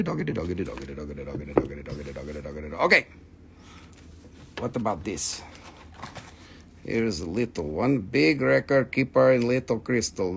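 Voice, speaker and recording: A male host selling minerals on a live stream. He is excitable and playful and reels off prices and stock numbers. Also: on the high side, vocal fry. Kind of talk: live sales stream, casual chat.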